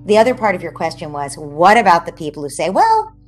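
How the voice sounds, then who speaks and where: Brief: woman, psychologist guest, animated explanatory interview answers over a video call. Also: lowish voice, fast talker, faint music behind. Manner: animated, explanatory, dips into soft near-whispers.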